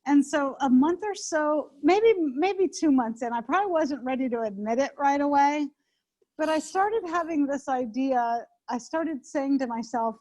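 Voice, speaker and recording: A woman's voice: high voice, lively intonation, moderate pace, darkish tone. A middle-aged woman chef chatting in an interview, rambling with many restarts. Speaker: interview guest, home chef. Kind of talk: casual interview chat. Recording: dull lo-fi sound.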